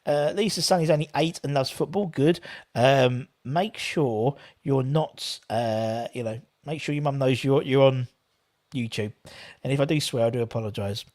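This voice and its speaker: A casual man talks through a football match live, reading out viewer comments between bits of play. His voice sits at an ordinary middle pitch. He rambles, jumping between the game and small talk. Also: moderate pace, a little mellow. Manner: chatty, rambling, reads viewer comments aloud. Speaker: watchalong host.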